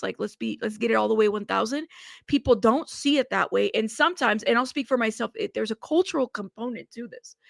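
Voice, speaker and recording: Gravelly, outspoken woman news host. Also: a little high, no room sound, clean studio sound. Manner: outspoken and indignant, cusses, talks to her chat directly. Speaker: true crime news host. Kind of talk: livestream commentary on a news case.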